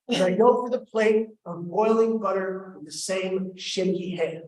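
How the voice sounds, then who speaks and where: A man hosting an event and telling a comic, self-deprecating story, with an animated, quick delivery. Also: sits high. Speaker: keynote speaker, host. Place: large event hall. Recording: echoey hall from far off.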